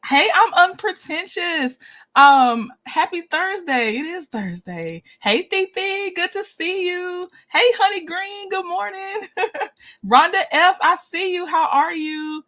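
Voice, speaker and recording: With a slow, expressive delivery, a woman hosts a casual livestream in her high, bright voice. She's chatty and easygoing, laughing a lot and warmly welcoming viewers by name.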